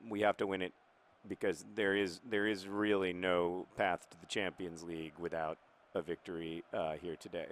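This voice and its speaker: A man with a low, fairly bright voice offers casual commentary over a football video game. He plays the club's manager, hesitant and rambling, full of fillers, in an earnest mock-manager tone.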